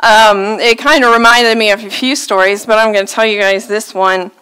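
A woman's voice: mid-range voice, fairly even intonation, moderate pace, bright, forceful tone, clean tone, poor audio. A woman, preaching a sermon and telling a story on herself with self-deprecating laughter.

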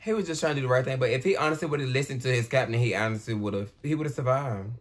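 A man's voice: medium pitch, rapid-fire. A man hosting a reaction video. He talks casually and reacts with emotion, asking questions aloud as he watches a film. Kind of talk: casual movie reaction commentary. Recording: heavy background noise from the film audio.

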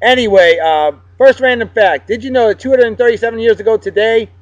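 A man hosts a casual vlog, upbeat and joking as he gives shout-outs to friends. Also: extremely high pitch, a little fast, no echo. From Massachusetts. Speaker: vlog host. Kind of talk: casual chat. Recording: dull, dry sound.

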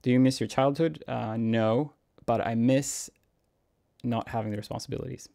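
A young man, a cellist answering viewer questions in a relaxed, musing Q&A vlog, chuckling often. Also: mid-range voice, normal speed, vocal fry. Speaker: cellist and YouTuber. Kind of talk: casual Q&A vlog.

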